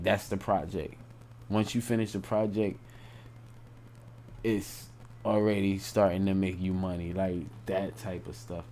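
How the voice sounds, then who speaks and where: A young man talks on a late-night live stream, rambling and circling back over the same points. His voice is low, dark and gravelly, and he speaks slowly. A faint hiss sits behind him. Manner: rambling, repetitive, informal speech.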